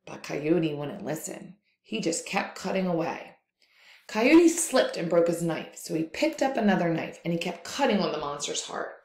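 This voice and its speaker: A woman teacher telling a folktale aloud for a lesson, in an expressive, lively read-aloud style. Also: on the low side, moderate pace, reverberant. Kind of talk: storytelling for a lesson.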